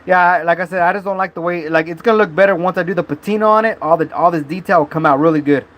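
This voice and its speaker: A man's voice: sits high, very fast, fairly bright tone. A man hosting a casual live stream, talking loosely with slang and cursing, filmed on his phone. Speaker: livestream host.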